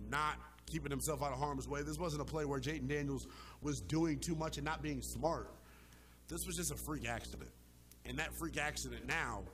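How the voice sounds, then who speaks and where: Guy hosting sports radio, fired up and emphatic, kinda high voice. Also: a bit bright. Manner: emphatic, impassioned, uses slang. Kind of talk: animated sports talk.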